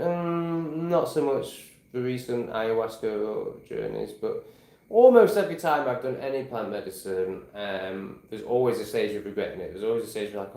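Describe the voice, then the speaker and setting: A man's voice: on the low side, expressive, normal speed, darkish tone, echoey room. A man in his forties chatting casually to camera, rambling and swearing freely as he restarts his sentences. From England. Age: 40s. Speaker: vlogger.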